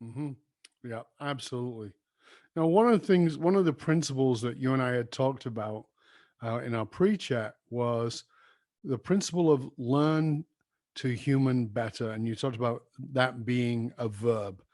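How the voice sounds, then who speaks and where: A man's voice: medium pitch, a little slow, darkish tone, dry recording, studio quality. A man hosting a podcast interview, telling a story about a friend in a chatty way. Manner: conversational, laughs while telling anecdotes. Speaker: podcast host.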